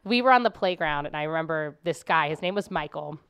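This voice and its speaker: A woman's voice: low voice, lively intonation, fast talker, a bit bright, clean tone. A woman podcast host telling a story in casual chat, rambling with lots of "like" fillers. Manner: rambling, full of "like" fillers, acts out quotes.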